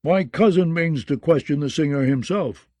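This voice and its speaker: A man voicing a stern, gruff male lord who growls his contempt. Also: on the high side, normal speed, darkish tone, no room sound, natural voice. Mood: grim. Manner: growling, scornful.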